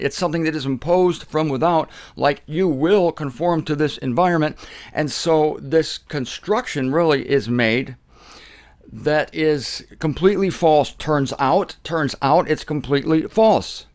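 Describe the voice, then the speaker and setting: Man, Bible teacher, casual teaching talk, animated, repeats himself for emphasis, slightly high voice.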